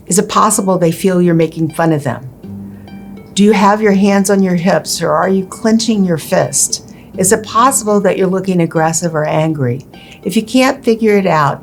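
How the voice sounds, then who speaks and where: Calm woman narrating an advocacy lesson. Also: fairly low pitch. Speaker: presenter, attorney. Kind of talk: scripted educational narration.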